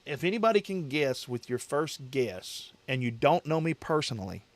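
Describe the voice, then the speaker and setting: A man's voice: medium pitch, very animated, moderate pace. A man hosting a casual livestream chat, rambling and repeating himself as he answers viewers with easy laughs. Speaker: livestream host.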